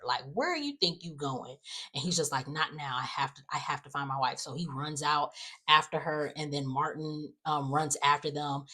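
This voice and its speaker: A woman with a low-pitched, slightly bright voice casually recaps soap opera episodes. She rambles, leaning heavily on "like" and "you know," and acts out the characters' lines along the way.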